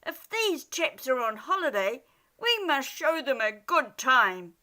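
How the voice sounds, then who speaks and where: A woman's voice: high-pitched, very animated, slow, pushed and bright, pitched above the performer's own voice, full character voice. A woman voicing a cheerful, bumbling big male bear in a storybook, speaking in a hearty way.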